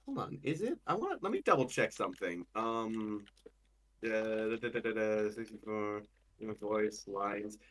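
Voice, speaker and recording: A man, a voice actor, talking casually as an interview guest in an animated, rambling way. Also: on the low side, normal speed. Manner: animated and rambling, with many restarts.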